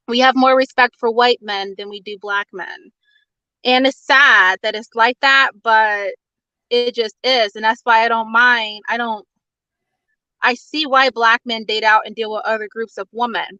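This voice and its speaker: A woman's voice: on the high side, pushed and bright, dry recording, lo-fi sound. An out-of-breath woman giving blunt opinions in a casual chat, talking over the other speaker. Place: in her car on a work break.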